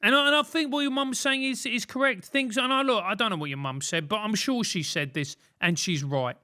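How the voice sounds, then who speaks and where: A man's voice: high-pitched, brisk, pushed and bright. A man with a British accent giving comedic advice as a podcast host, ranting and self-mocking. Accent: British English. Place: London.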